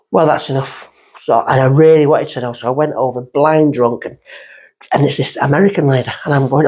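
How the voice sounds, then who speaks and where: A guest medium on a podcast, this woman speaks a little fast with a slightly rough voice. She tells a long personal story casually, rambling off on side tangents, lively throughout, her pitch springing upward when she's excited.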